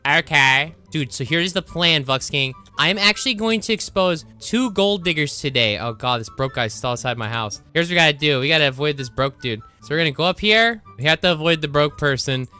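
A man's voice: fairly high pitch, expressive, brisk, hardly any pauses, bright, forceful tone, smooth, faint music behind. A man doing brash, teasing commentary while role-playing as a rich character in a game. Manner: brash, joking, teasing, often laughing. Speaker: gaming YouTuber.

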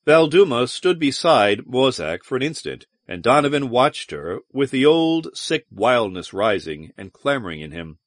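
Man, audiobook narrator, expressive storytelling, animated pitch, middle voice, dry studio sound. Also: normal speed, few pauses, dry recording. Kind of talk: scripted narration.

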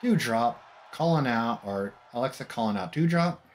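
A mid-range male voice with lively intonation recaps wrestling matches at a normal speed. He's a gameplay commentator giving casual, wry remarks and mock quotes over background music.

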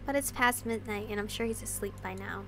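In this visual novel let's play, a woman with a mid-range voice reads the narration aloud emotionally at a brisk clip. She adds giggly comments as she goes, over a noisy background.

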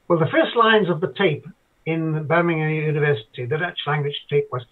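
A man's voice: fairly high pitch, brisk. An older man from Ireland, a guest telling rambling stories in casual chat, with hesitant restarts. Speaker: guest interviewee. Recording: tinny phone-like line.

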